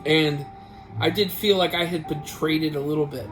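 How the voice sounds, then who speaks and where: A man's voice: on the high side, fairly even intonation, normal speed, poor audio. A man hosting a casual vlog, telling a family story in a rambling way with many restarts. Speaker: vlog host. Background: guitar music.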